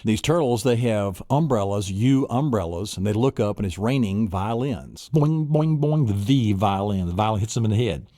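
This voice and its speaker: Instructor, male low-pitched, lively storyteller, bursts of sound effects, dry close mic. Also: moderate pace, hardly any pauses, dry recording. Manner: animated storyteller, adds sound effects and asks rhetorical questions. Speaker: memory-training instructor. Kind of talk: recorded seminar lesson.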